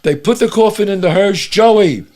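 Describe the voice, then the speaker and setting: An older New Yorker with a New York accent and a voice that sits high appears as a podcast guest, telling profane neighborhood stories in casual chat at normal speed. He's animated and swears, acting out the lines of the people in his stories.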